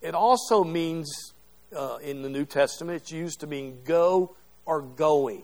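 A man's voice: a little high, unhurried, darkish tone. A middle-aged man teaching a Bible class to a group, talking conversationally and checking in with "okay?" as he goes. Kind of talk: interactive Bible class lecture. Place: classroom or church hall with a group.

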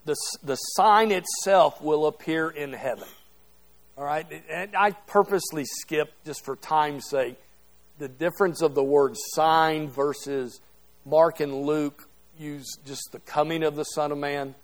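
Man, middle-aged, Bible class teacher, conversational lecture, slightly high voice, checks in often. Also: steady tone, measured pace. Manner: conversational, keeps checking understanding with "okay?". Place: classroom or church hall with a group.

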